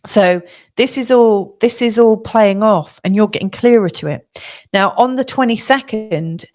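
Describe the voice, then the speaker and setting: A woman's voice: medium pitch, measured pace, darkish tone. A middle-aged woman astrologer giving a monthly forecast in a reflective, coaching way, with many fillers and restarts.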